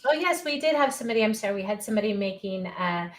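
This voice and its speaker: A woman's voice: mid-range voice, animated, quick pace. A woman hosting a live-streamed interview show, chatty and upbeat, cheering her listeners on. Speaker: podcast host.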